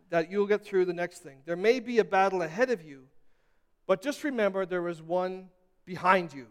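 High-voiced preacher in an echoey hall. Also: male voice, normal speed. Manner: repetitive, stammering restarts, building to emphatic crescendos. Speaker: pastor. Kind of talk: sermon.

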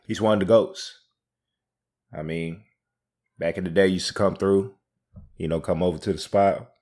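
Man, podcast co-host, low voice, relaxed casual chat, frequent laughs. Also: normal speed. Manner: laid-back, reminiscing, laughs often.

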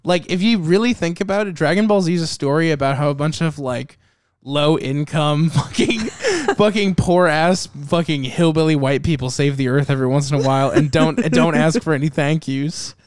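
A man's voice: on the high side, normal speed, clean tone, no echo. Man, casual chat, profane, rambling, dry close mic. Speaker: podcast co-host.

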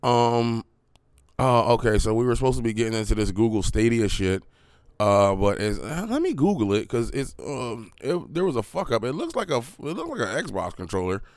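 A man's voice: mid-range voice, very animated, moderate pace, no room sound, clean studio sound. A young man hosting a podcast, talking in a rambling, profane, casual way with lots of fillers and restarts. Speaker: podcast host.

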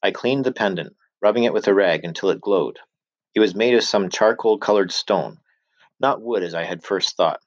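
A man reading a novel chapter aloud as an audiobook narrator, steady storytelling with voiced dialogue. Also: on the low side, moderate pace, no room sound, lo-fi sound. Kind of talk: scripted narration.

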